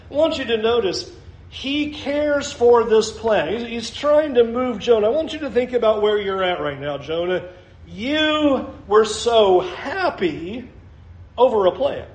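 High-voiced pastor preaching slowly, echoey room. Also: male voice, a little mellow. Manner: conversational, chuckles while making points. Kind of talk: sermon.

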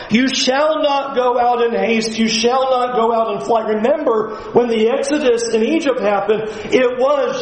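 High-pitched earnest male preacher. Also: roomy sound, low-quality recording. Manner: earnest, emphatic preaching with sudden drops to a low, quiet voice. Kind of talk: sermon.

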